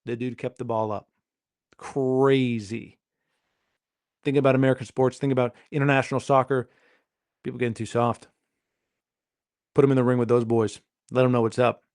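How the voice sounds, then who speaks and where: A man's voice: mid-range voice, little pitch movement, moderate pace, pauses often, darkish tone. A man hosting his own podcast, rambling through a jokey solo monologue and questioning himself as he goes. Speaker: podcast host.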